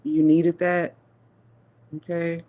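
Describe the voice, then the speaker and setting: A woman giving a live tarot reading, musing slowly with long hums and pauses, and talking in a casual, profane way. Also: fairly low pitch, flat delivery, mellow. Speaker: tarot reader.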